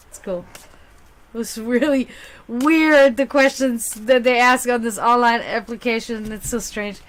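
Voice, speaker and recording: Woman, German accent with a hint of Slavic, native German speaker, pitched a bit high; chatty livestream host with a bubbly, swinging delivery. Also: measured pace, pauses often. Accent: German with a slight Slavic touch. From half German, half Serbian. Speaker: psychic reader and livestream host. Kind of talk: casual livestream chat.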